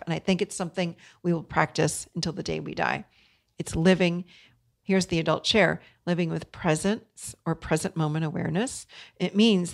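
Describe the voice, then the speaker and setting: Gravelly-voiced woman podcast host. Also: deep voice. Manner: earnest, coaching tone, speaks directly to listeners. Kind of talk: solo podcast talk.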